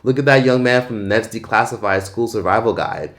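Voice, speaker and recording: A Canadian-accented man vlogging casual opinions in a blunt, profane, animated way. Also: on the low side, a little fast.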